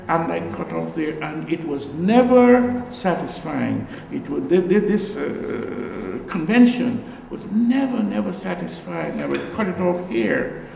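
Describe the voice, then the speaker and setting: Slow, gravelly older Guyanese man. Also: fairly high pitch, darkish tone, reverberant, big-room sound, slight background noise, low-quality recording. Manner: reflective, storytelling, trailing asides. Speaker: artist. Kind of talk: gallery talk. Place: gallery.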